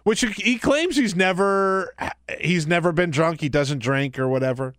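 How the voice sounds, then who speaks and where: A man filling in as host of a political talk radio show, joking and animated, laughing easily. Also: on the high side, normal speed, no echo, clean studio sound. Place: radio studio.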